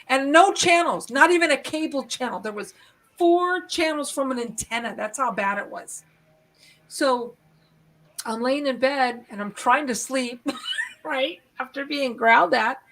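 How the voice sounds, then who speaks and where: A middle-aged woman hosting a live stream, rambling through an animated story and acting out the moments as she goes. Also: sits high. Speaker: host.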